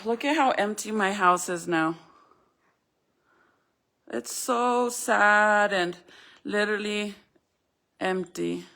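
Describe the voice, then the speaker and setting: A woman's voice: medium pitch, slow, gravelly, pauses often, bright, forceful tone. Sad young woman venting to camera. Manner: sad, venting, sometimes tearful. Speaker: vlogger. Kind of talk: casual vlog to camera. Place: home.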